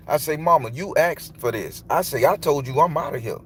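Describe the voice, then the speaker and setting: A man's voice: a little high, fairly quick, a bit bright, breathy edge. A man, a tarot reader telling a long, loose, profane story in casual monologue. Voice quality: loose, profane, emphatic delivery.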